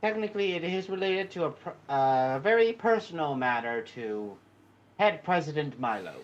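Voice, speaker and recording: A man's voice: on the high side, animated, normal speed, dull audio. A man playing a tabletop game, speaking in a commanding way in character. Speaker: player. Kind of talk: tabletop role-play.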